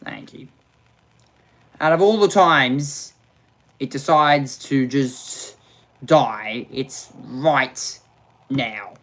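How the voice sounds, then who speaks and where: A man hosts a live racing watch-along and addresses his viewers directly. He speaks at an unhurried, drawn-out pace. His tone is dry and sarcastic, and he often drops into exasperated mutters. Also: medium pitch, a bit bright. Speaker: motorsport watch-along host.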